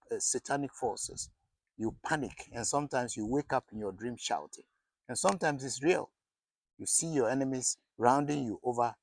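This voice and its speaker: A man's voice: medium pitch, no echo. A middle-aged man giving a sermon as pastor, asking his listeners questions and often restarting his words. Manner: preaching with rhetorical questions and frequent restarts.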